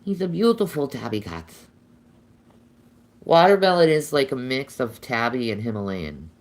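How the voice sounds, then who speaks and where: A woman's voice: a bass voice, sing-song, normal speed. A woman chatting casually with viewers on a live stream, answering comments and cooing to her pets now and then.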